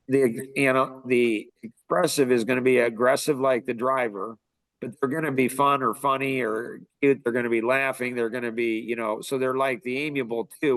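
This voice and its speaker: A man's voice: medium pitch, a bit bright, no echo, poor audio. Dry, close-miked man coaching recruiters. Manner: conversational coaching, repeats and rephrases points. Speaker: recruiting trainer. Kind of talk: instructional podcast talk.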